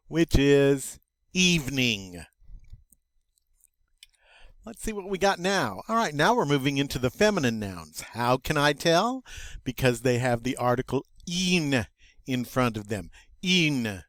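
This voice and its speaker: An older man, teaching French vocabulary in a slow, patient, folksy way, drawing out each word. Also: medium pitch, very animated, a bit bright, no room sound, clean studio sound. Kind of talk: recorded vocabulary lesson.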